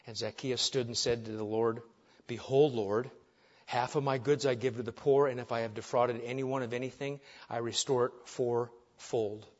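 A man preaching a sermon with emphasis, dropping soft on key phrases and rising when animated. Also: mid-range voice, normal speed, muffled recording. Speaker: pastor.

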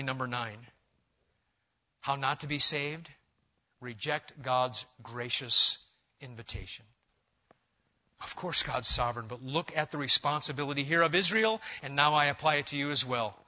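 A man preaching an expository sermon as a pastor, swinging between loud urging and quiet intensity. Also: mid-range voice, normal speed, dull audio.

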